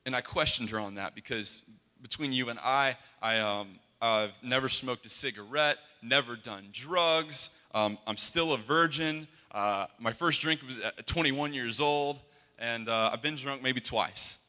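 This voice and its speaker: A man's voice: medium pitch, measured pace, pushed and bright. A young man giving a sermon as a worship leader, earnest and conversational, often restarting his sentences. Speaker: worship leader and guest speaker. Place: large hall. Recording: long hall reverb.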